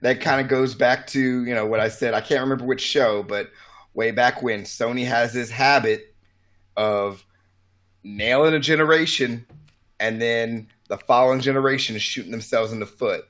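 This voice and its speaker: A man's voice: mid-range voice, normal speed, fairly bright tone. A man co-hosting a casual video game podcast, giving opinionated takes with wry asides. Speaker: podcast co-host. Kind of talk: casual gaming news chat.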